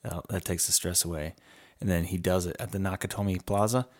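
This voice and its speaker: A man's voice: low-pitched, fairly even intonation, brisk, a little mellow. A man co-hosting a crude, casual chat show, joking and swearing freely. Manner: joking, swears freely, puts on silly voices. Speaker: podcast co-host.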